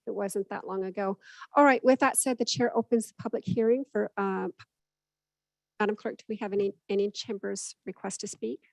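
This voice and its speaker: A woman's voice: mid-range voice, steady tone, fairly quick, creaky, dry recording, poor audio. A woman serving as mayor, chairing a council meeting in a polite but firm way and stepping in to keep order. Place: council chamber.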